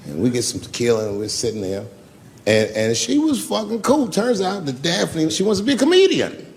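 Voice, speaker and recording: Animated, profane male stand-up comic. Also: a little high, a little fast, gravelly. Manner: profane, animated, acts out characters. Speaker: stand-up comedian. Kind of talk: stand-up storytelling. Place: comedy club stage. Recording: long stage reverb, faint noise.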